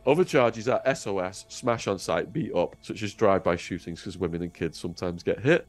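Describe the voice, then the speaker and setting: An English man, a guest on an interview show, telling his own story in a vivid, dramatic way. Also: on the low side. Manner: vivid, acts out voices.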